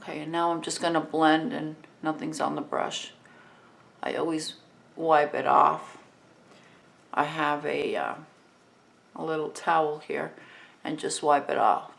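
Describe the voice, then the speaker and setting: A woman in her fifties with a New Jersey accent, talking through a makeup tutorial in a relaxed, chatty way while she works. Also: low-pitched, a little slow, vocal fry, long pauses. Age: 50s.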